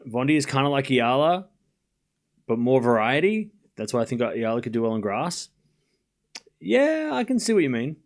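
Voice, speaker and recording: A man's voice: mid-range voice, sing-song, moderate pace, long pauses. A man hosting a live tennis watchalong stream, calling the score and chatting casually with his viewers between points. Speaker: livestream host.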